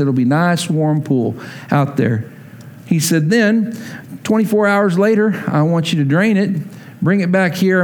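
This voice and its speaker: Man, preacher, high voice, animated storytelling, acts out dialogue. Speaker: pastor. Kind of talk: sermon storytelling.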